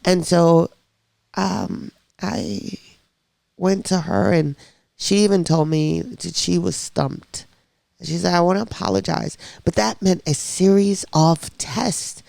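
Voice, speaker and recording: Gravelly-voiced woman telling her story. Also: lowish voice, takes it slowly, dry recording. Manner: animated storyteller, blunt and candid. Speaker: podcast guest sharing her diagnosis story. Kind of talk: casual interview chat.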